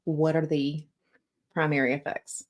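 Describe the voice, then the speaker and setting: Soft-spoken woman chiming in playfully. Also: low-pitched, flat delivery, measured pace. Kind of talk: casual studio chat.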